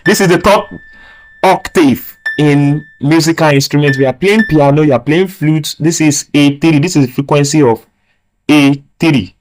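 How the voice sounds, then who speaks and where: A male physics teacher giving a recorded video lecture. He talks slowly and emphatically, repeats key phrases, and often asks rhetorical "what?" questions. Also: a little high, rough recording. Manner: slow, emphatic stress on key words.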